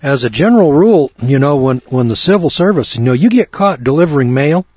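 Folksy male preacher, wry, husky voice, dry dull recording. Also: fairly high pitch, animated, a little fast, a little mellow, no echo. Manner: folksy, wry, rhetorical questions. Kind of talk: folksy sermon on scripture.

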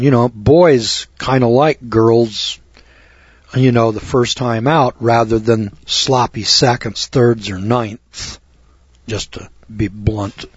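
A man's voice: mid-range voice, slightly rough, no echo. A middle-aged man hosting a radio talk show, lecturing in a blunt, rambling, preachy way. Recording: dull lo-fi radio recording.

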